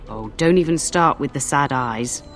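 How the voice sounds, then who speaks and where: A woman voicing a cranky older castle cook in a fan dub, scolding and sharp-tongued. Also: rumbling low, normal speed, soft background music. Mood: grumbling. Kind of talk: fan voice acting over a game.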